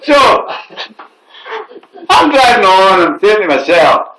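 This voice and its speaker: A man's voice: sits high, sing-song, measured pace, sharp tone. A middle-aged man telling a funny story, laughing often and swearing. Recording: echoey room, faint noise.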